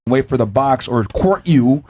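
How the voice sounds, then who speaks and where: A man's voice: mid-range voice, measured pace. A man hosting a podcast panel, telling an acted-out scenario and swearing freely. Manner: animated storyteller, acts out scenarios, swears. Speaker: podcast host. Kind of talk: heated panel debate.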